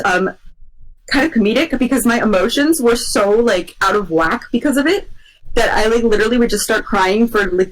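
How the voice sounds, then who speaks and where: A woman's voice: medium pitch, poor audio. A woman co-hosting a podcast, telling a long work story in casual chat, rambling with lots of fillers and restarts.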